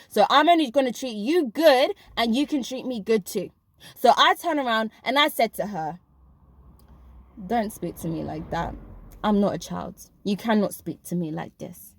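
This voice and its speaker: A woman tells a story from her own life in a casual vlog, pressing hard on her points and talking straight to her viewers. Her voice sits a little high. The sound is dry and close, with no room echo. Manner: emphatic, addresses viewers directly. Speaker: vlogger recounting a school job.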